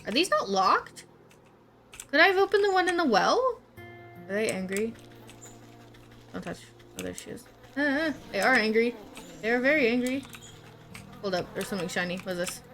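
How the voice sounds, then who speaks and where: A woman streamer narrates her gameplay in a loose, amused voice, thinking aloud as she goes. Her voice is a touch high and she sounds relaxed. She talks in a chatty, easygoing way. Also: normal speed, pauses often, soft background music. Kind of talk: casual game commentary.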